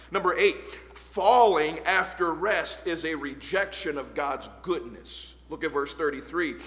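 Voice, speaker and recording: A man preaching an evening church sermon as pastor, reading old scripture aloud and building to shouted points. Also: a little high, long reverb tail. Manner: reads old-fashioned scripture verses aloud. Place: church sanctuary.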